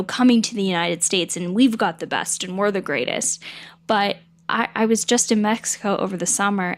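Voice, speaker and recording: A woman guest on a podcast in casual chat, giving her opinions emphatically. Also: medium pitch.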